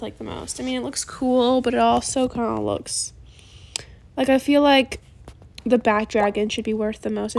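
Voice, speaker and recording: A young adult woman in casual gameplay chat, soft-spoken and chatty, recorded on a phone in a quiet bedroom late at night. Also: sits high. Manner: chatty, soft-spoken, calls viewers bestie. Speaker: gaming YouTuber.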